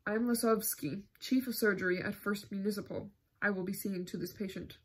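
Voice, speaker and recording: A woman voicing a brisk male chief surgeon, clipped and authoritative, with a husky voice. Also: mid-range voice, close to an everyday voice. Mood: commanding.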